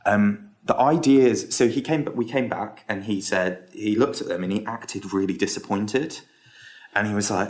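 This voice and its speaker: Low-voiced man, rambling storyteller. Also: normal speed. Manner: rambling, hesitant, with many ums and restarts. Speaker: entrepreneur guest. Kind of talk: casual storytelling in a podcast interview.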